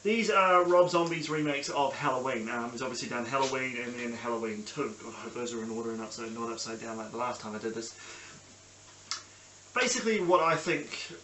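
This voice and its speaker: A young New Zealand man rambles through a casual review, full of ums and restarts. His voice is bright and forward, and it bounces around a small echoey room with a faint hiss behind it. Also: mid-range voice, fairly quick. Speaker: podcast host. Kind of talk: casual solo review vlog. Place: small sunny room at home.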